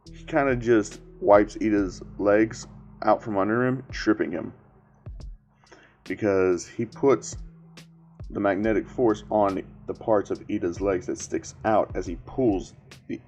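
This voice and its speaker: A man's voice: fairly low pitch, mellow. A man casually narrating a story in a loose, rambling way.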